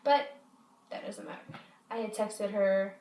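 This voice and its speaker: A woman's voice: medium pitch, a little slow, a little mellow. A woman vlogger telling a story in a casual, rambling way, repeating herself and swearing freely, at home in her apartment. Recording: echoey room, mic set far off.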